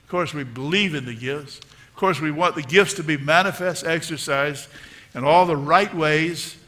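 A middle-aged man delivering a sermon as pastor. His voice rides a touch high and rings bright and forceful. He drives his points home by repeating phrases again and again. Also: moderate pace. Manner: emphatic preaching, repeating phrases for emphasis.

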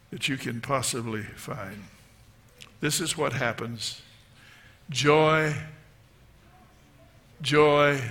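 A man's voice: mid-range voice, pushed and bright. A man, a middle-aged pastor, preaching a sermon with emphatic repeated phrases.

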